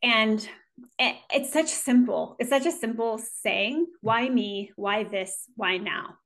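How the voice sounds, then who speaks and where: A woman guest who works as a neonatal nurse, speaking earnestly in relaxed conversation, often restarting her phrases. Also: a little high, slow pace. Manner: earnest, with frequent restarts and small laughs. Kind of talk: casual reflective conversation.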